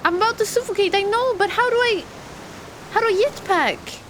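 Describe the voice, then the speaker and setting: A woman's voice: very high-pitched, fairly quick, a bit bright, a little hiss or hum. A young woman streaming a game live, chatty and thinking aloud while talking to her chat. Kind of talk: live gameplay commentary.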